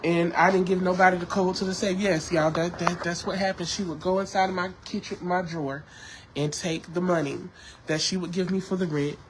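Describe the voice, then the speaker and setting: A man's voice: high voice, level tone, brisk, noisy background. Sick, coughing man venting. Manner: emotional, repetitive, addresses viewers as y'all. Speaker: livestreamer. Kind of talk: casual livestream talk. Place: home.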